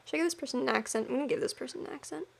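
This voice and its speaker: A woman's voice: high-pitched, rapid-fire, vocal fry. A woman streaming a game, making playful, giggly asides, often half-whispered. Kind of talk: let's-play commentary.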